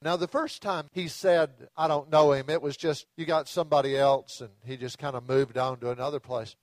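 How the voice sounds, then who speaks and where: A man preaching a sermon in a conversational storytelling way, dropping to soft low tones for the dramatic moments. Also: fairly even intonation, moderate pace, no room sound. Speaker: pastor.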